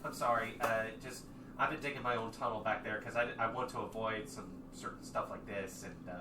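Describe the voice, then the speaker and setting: A man's voice: on the low side, fairly even intonation, brisk, lightly acted. A man voicing a timid little kobold girl. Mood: apologetic. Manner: hesitant, apologetic. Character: small timid female kobold, friendly. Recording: echoey room, distant mic, noisy.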